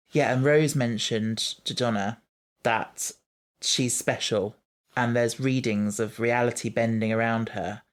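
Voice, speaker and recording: A podcast host, chatting casually about an episode, animated and quick to quote scenes. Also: mid-range voice. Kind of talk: casual chat reviewing an episode.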